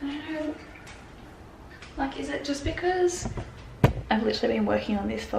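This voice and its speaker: This twenties-aged sewing pattern designer talks from her bedroom in a laid-back vlog, tearful and stressed, spilling out anxious rambles full of fillers and curses. Her high voice moves lively, creaky at normal speed, with frequent pauses. Faint background noise sits in an echoey room.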